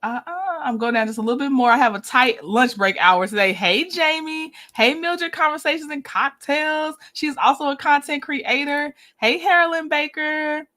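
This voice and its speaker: A woman hosts a casual livestream. Her high voice stays upbeat and chatty as she greets viewers one after another, laughing easily along the way. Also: normal speed, hardly any pauses, bright, forceful tone. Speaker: livestream host.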